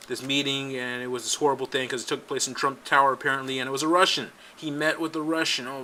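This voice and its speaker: Male show host, sharp bright tone, sarcastic casual commentary, restarts a lot, faint hiss behind. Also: mid-range voice. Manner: animated, repeats himself, sarcastic. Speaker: political talk show host. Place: home studio in California.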